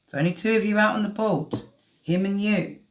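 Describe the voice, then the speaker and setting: A woman's voice: mid-range voice, moderate pace. A woman doing a live-stream tarot reading, chatty and swearing freely as she talks to the cards. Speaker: tarot reader.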